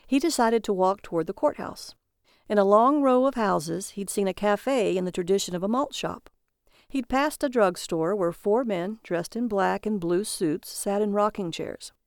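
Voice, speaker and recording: A woman narrating a story aloud in a steady, even read-aloud delivery. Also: medium pitch, moderate pace, no echo, studio quality.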